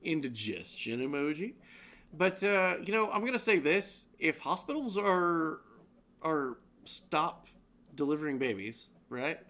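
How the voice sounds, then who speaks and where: Stream co-host, man. Bright tone, lively and unhurried, jokey and rambling delivery. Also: fairly high pitch. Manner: joking, rambling, laughs often. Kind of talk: comedic news roundup on a live stream.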